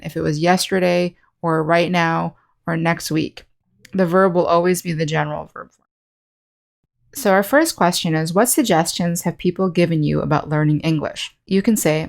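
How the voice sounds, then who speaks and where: Woman English teacher, lowish voice, clear, patient lesson delivery. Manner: clear, slow, teacherly explanation with example sentences. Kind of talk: scripted online lesson.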